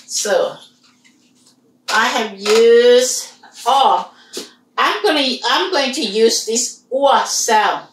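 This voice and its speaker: A woman leads a language lesson, drawing out each sound and saying words again and again for her students. Her voice sits a little high and her delivery is very slow. The recording has a roomy echo. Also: fairly bright tone, recorded from a distance, slight background noise. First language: Hmong. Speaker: language teacher.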